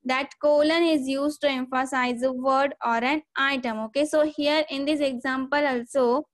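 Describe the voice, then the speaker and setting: A woman's voice: high-pitched, fairly even intonation, normal speed. A woman teaching a grammar lesson, explaining step by step and saying "okay" again and again. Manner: repeats "okay" and "see here" often, explains step by step.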